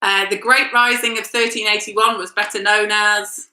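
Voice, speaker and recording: Brisk mum hosting a quiz. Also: female voice, mid-range voice, level tone, pushed and bright, echoey room. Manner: brisk, teasing. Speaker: quiz host, mother. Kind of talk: casual home quiz hosting.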